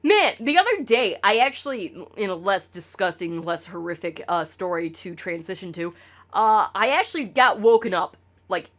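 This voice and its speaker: A woman's voice: medium pitch, sing-song, moderate pace, a bit bright. A woman streamer talking casually to her chat, rambling and swearing with lots of stammered restarts.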